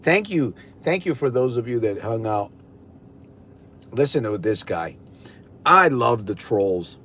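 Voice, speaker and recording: On his live podcast stream, a man with a Connecticut accent speaks slowly but very animatedly, his medium-pitched voice a bit bright. The talk is blunt, casual and rambling with lots of restarts, recorded in dull lo-fi sound with faint noise.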